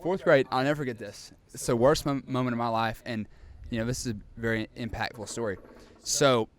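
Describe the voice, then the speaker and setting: A young man co-hosting a podcast, telling a story in a lively, animated way and acting out scenes. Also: mid-range voice, fairly quick. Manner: animated storyteller, acts out scenes, laughs often. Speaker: podcast co-host. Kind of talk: casual chat, storytelling.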